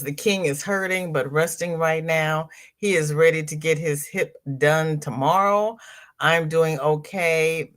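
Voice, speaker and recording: Southern woman host, slow, bright voice, chatty, repeats herself. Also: deep voice. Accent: Southern American. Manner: chatty, repeats herself, greets viewers by name. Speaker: crochet livestream host. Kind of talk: casual livestream chat reading comments.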